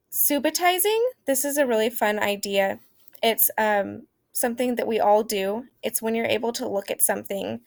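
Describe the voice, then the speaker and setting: A woman's voice: medium pitch, vocal fry, dry recording, clean studio sound. A young woman teacher from Oklahoma explaining early math ideas in a casual, hesitant way, with many fillers. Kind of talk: informal lesson on early math.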